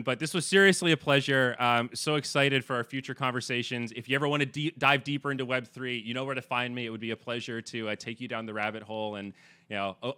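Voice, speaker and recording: A deep-voiced man hosts a casual podcast interview. His tone is bright and forceful, and he rambles in a relaxed way. The recording is dry and close. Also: smooth, dry recording. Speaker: podcast host.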